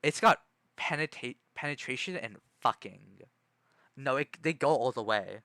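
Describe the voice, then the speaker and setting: A man's voice: mid-range voice, expressive, unhurried, bright, forceful tone, dry recording. A man streaming casually, reading a book aloud and rambling with many self-corrections.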